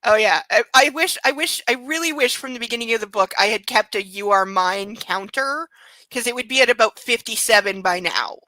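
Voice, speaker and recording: A woman's voice: a little high, brisk, sharp tone, no room sound, poor audio. A woman hosting a book club podcast, reading aloud and giving sarcastic, rambling commentary. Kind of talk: casual chat and reading aloud.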